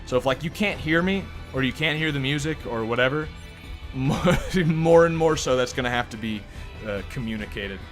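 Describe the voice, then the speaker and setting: A man's voice: medium pitch, animated, normal speed, music in the background. A man streaming gameplay in casual live commentary, rambling, joking and cursing, his throat sore and strained. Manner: rambling, joking, profane, self-deprecating, laughs often.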